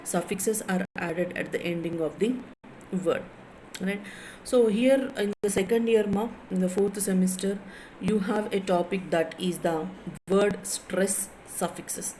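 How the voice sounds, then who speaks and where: A woman's voice: mid-range voice, unhurried, darkish tone, a little hiss or hum, poor audio. A woman lecturer in English with an Indian English accent, teaching a class, repeating key phrases and spelling words letter by letter.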